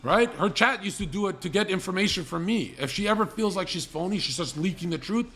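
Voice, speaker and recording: A man's voice: high voice, lively intonation, a little fast, fairly bright tone, slight background noise. A young man hosting a livestream, telling crude comedic stories in a blunt, rambling, profane way. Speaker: livestream host.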